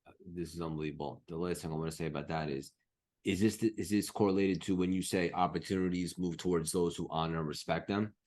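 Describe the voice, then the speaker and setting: A male host with a low, deep voice who talks quickly. He sounds impressed and eager as he asks his guest a follow-up question in a casual interview. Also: fairly even intonation, a little mellow.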